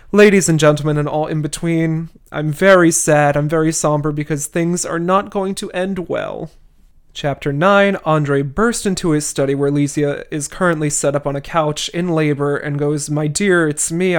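A man's voice: on the high side, smooth. A man hosting a podcast, casually retelling a classic novel with wry, chatty asides. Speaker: podcast host. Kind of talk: casual book recap.

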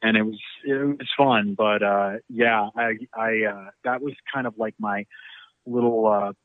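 A middle-aged actor chatting in an interview, rambling through stories with a self-deprecating streak. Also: male voice, on the low side, fairly even intonation, unhurried, no room sound. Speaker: actor guest. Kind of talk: casual interview chat. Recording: tinny phone-like line.

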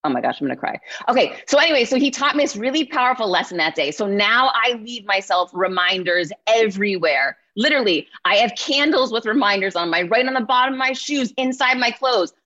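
Energetic woman giving a motivational talk. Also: on the high side, brisk, hardly any pauses. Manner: energetic, often checks in with "right?". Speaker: keynote speaker. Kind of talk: motivational speech. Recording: slightly muffled lo-fi sound.

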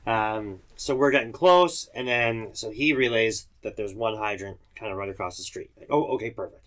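A man's voice: on the low side, moderate pace, a bit bright. A man, a firefighter, recounting a call in casual chat, matter-of-fact and detailed.

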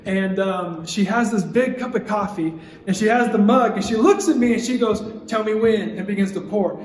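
High-voiced preacher in an echoing hall. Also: male voice, normal speed. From Idaho. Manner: preaching with repeated cadences, storytelling asides. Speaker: youth pastor. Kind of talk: sermon. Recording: echoey hall with long reverb, soft music.

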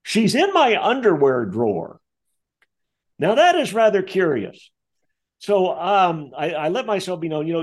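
Male interview guest, vivid storyteller who acts out other people's voices, very expressive pitch. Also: unhurried. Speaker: author and guest. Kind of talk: animated storytelling.

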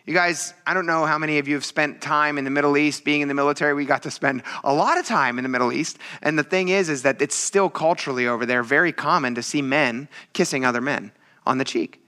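Bright-voiced casual male preacher. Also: fairly high pitch, fast. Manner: casual, joking preaching with acted quotes. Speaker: pastor. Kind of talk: sermon.

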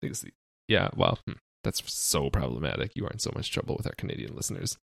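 A deadpan American podcast host with a very low, gravelly voice. He talks in dry, sarcastic asides and stops often with fillers. The recording is close and dry. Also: quick pace, dry recording. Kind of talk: casual chat.

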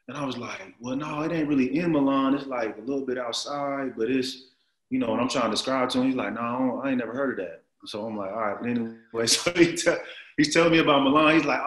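A man in his thirties tells a story in relaxed, slang-heavy conversation. He speaks at an ordinary middle pitch and fills his talk with loose fillers. The recording has a roomy echo. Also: brisk. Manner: animated, slangy, lots of "like" and "man". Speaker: guest. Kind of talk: casual storytelling.

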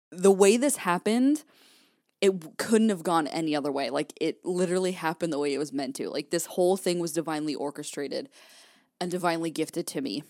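Young woman, podcast host, candid personal story, lower pitch, dry close sound. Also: darkish tone, no echo. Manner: candid and profane, acts out her own past thoughts.

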